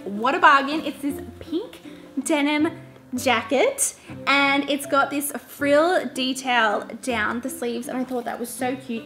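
High-voiced bubbly woman. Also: sharp tone. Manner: bubbly and giggly, gushing. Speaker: vlogger. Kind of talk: casual shopping haul vlog.

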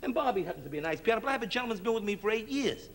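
Brash comedian guy rattling off jokes quick, high and animated, old tv variety show. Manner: brash, rapid patter with mock accents. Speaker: stand-up comedian. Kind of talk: nightclub stand-up routine.

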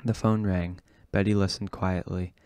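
A man reading a novel aloud in a steady, low-key way. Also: normal speed, no room sound. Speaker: audiobook reader.

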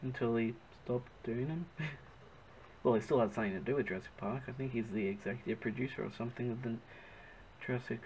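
An Australian man talks through his drawing in a loose, chatty ramble, correcting himself as he hunts for words. His voice is gravelly, with fry in it. A faint background hiss sits under the recording. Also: medium pitch, darkish tone, low-quality recording. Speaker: artist narrating his drawing. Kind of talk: casual rambling commentary while drawing.

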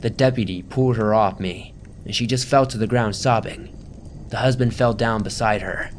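A man narrating a first-person horror story in a tense, dramatic delivery, dropping to a hush at times. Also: fairly low pitch, fairly even intonation, moderate pace, slight background noise.

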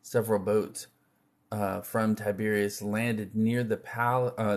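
A man reading scripture aloud in an unhurried, measured way, with occasional slips and restarts. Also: on the low side. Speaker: scripture reader.

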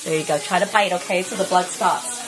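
A mother soothing her daughter after surgery, laughing and teasing gently while keeping the gauze in place. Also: fairly low pitch, brisk. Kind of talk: casual family chat. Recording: loud background hiss.

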